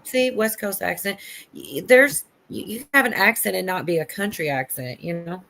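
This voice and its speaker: A woman's voice: fairly low pitch, expressive, moderate pace, vocal fry, a bit bright. A woman with a Kentucky accent hosting a livestream, rambling and trailing off as she corrects herself. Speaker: livestream host. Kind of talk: casual chat.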